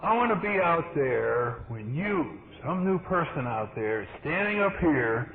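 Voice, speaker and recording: A man's voice: a little high, sing-song, unhurried, crowd noise. A man giving earnest personal testimony at a recovery meeting, telling his story and acting out the dialogue. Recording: tinny, hissy vintage tape recording.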